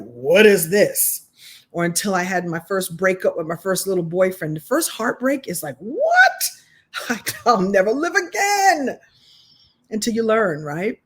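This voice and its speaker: A middle-aged woman leads an online writing masterclass. Her voice sits in a middle register, and her delivery is expressive and conversational. She restarts her sentences often while telling stories. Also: mid-range voice. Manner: expressive, chatty storyteller with frequent restarts. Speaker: writing coach.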